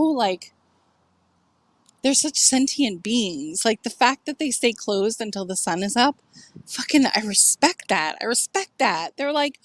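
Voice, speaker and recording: A woman's voice: medium pitch, no room sound. A middle-aged woman telling a personal story to camera, candid and emotional, swearing freely and filling her talk with "like".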